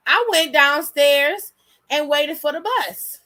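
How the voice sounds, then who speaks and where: Young woman spinning a story, blunt and cussing a lot, high bright voice, super animated. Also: slow. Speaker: host. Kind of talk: casual storytelling.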